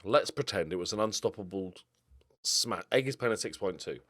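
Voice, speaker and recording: Excitable man commentating on a game. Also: lowish voice, moderate pace, dry recording, clean studio sound. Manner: excitable, swings from mumbled asides to loud outbursts. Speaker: gaming YouTuber. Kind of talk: casual gameplay commentary.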